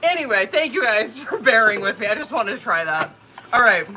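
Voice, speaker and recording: A woman's voice: a little high, very animated, a little fast, background noise. A woman hosting a live tarot stream, chatting casually, swearing freely and laughing often. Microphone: phone or tablet.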